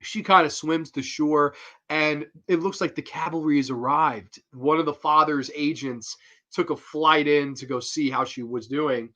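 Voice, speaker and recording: A man hosting a horror film review show, excitable and profane, acting out quotes as he recaps. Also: on the high side, a little slow, dull audio. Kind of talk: casual film review monologue.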